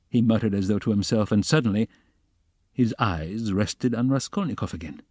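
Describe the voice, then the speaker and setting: A man's voice: lowish voice, moderate pace, a little mellow, no room sound. Man narrating an audiobook, dry close sound. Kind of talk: scripted narration.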